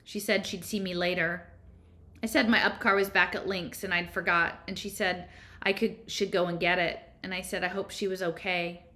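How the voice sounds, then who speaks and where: A woman reads a first-person novel aloud, conversational and a little unpolished, with small slips. Her voice sits slightly low. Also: flat delivery, normal speed, sharp tone. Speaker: audiobook reader.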